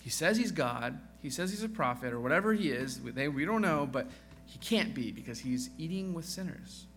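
Male pastor with a fairly high, bright voice, preaching casually with self-deprecating humor. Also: animated, brisk, soft background music. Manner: conversational, acts out quoted voices; self-deprecating joking asides. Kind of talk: sermon.

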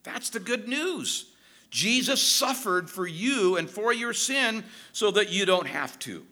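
Male pastor delivering a sermon, high and lively, bright tone, emphatic. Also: takes it slowly. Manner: emphatic, animated preaching with dramatic drops in pitch.

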